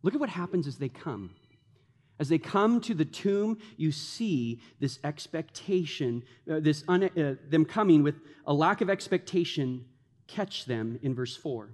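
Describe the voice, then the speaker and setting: High-voiced pastor preaching in a reverberant hall. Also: male voice, unhurried. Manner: animated storytelling, many fillers like "like". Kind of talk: sermon. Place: church sanctuary.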